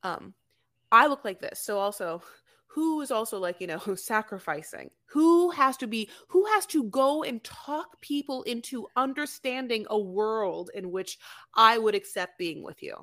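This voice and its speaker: A woman's voice: a little high, a little slow. A woman co-hosting a podcast, chatting casually about a reality show and acting out lines from it. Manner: chatty, animated, acts out quotes from the show. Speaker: podcast co-host.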